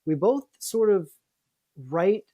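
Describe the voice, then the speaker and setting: A man's voice: sits high, expressive, slow, dark tone. A man being interviewed about his writing, chatty with many fillers and restarts. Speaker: guest author. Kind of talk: casual interview talk.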